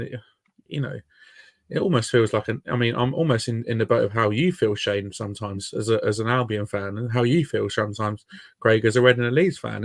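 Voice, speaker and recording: A man hosting a casual sports podcast, rambling and joking in a relaxed way. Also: mid-range voice, vocal fry, no echo. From Britain. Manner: relaxed, rambling, mock-formal apologies. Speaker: podcast host.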